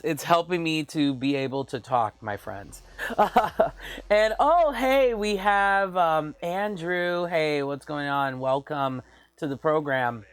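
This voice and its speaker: A man hosting his own live-stream show, chatting casually with a husky, raspy voice that is hoarse from a flu, rambling with many fillers and frequent laughs. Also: on the high side, no echo. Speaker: VTuber show host.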